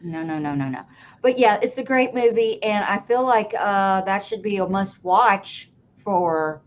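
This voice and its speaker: A woman from Tennessee, co-hosting a podcast in casual chat, talking bluntly and excitedly and tripping over her words. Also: mid-range voice, measured pace, slight background noise. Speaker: podcast co-host. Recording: muffled lo-fi audio.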